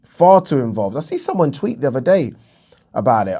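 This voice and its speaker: A man's voice: medium pitch, sing-song, brisk, warm tone. A man giving a heated solo commentary on boxing, repeating himself for emphasis and swearing freely. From England. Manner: indignant, repetitive, emphatic, swears. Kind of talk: opinion vlog rant.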